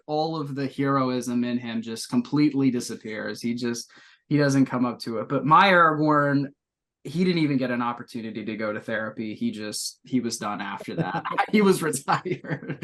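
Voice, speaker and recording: A man's voice: mid-range voice, fairly bright tone. A man in a casual podcast chat, telling a story against himself and laughing often.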